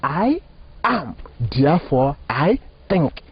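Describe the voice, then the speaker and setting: Emphatic Nigerian priest, lively rising pitch. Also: male voice, slow pace, breathy edge. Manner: emphatic, preacherly, rising and falling phrasing, asks rhetorical questions. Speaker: Catholic priest. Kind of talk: spiritual teaching in an interview. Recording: dull lo-fi dry recording.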